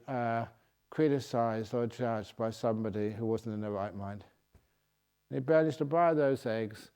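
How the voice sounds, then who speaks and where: A man's voice: mid-range voice, dark tone, clean tone. A man, a Buddhist monk, answering questions at a retreat with jovial, humorous stories and often laughing at his own jokes. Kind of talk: humorous dharma Q&A talk. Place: meditation retreat hall.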